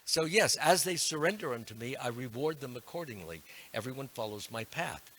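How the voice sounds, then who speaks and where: A man's voice: mid-range voice, lively intonation, brisk, fairly bright tone, a little hiss or hum. Earnest older man preaching. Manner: earnest, emphatic, with self-deprecating asides. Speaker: monk lecturing a temple class. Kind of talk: devotional sermon.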